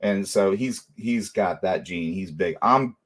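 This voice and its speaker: A middle-aged man hosting a casual livestream, telling animated stories and laughing often. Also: sits low, slow. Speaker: livestream host.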